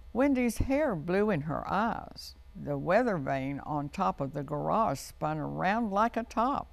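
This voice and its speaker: A middle-aged woman hosting a children's TV story hour, reading a picture book aloud in an expressive, lilting manner, recorded in a TV studio. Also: low-pitched, gravelly.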